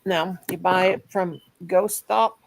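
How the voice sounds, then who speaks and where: Gravelly low-voiced woman chatting. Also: fairly even intonation, slow pace. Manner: chatty storyteller. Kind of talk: casual chat. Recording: faint background noise.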